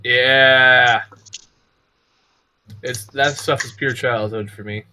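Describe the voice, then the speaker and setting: A man's voice: mid-range voice, steady tone, slow, sharp tone, slight background noise. A man chatting casually at a game table, talkative and opinionated. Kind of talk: casual chat.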